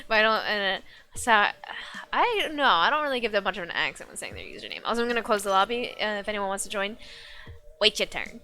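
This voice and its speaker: A woman's voice: medium pitch, quick pace, bright, forceful tone, soft background music. A young woman streaming live, chatting casually and rambling with lots of restarts.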